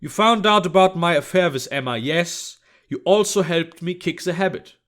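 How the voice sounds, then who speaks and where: A man's voice: high voice, expressive, normal speed, a bit bright. A man voicing a weary middle-aged male border policeman who talks in a tired, lethargic way.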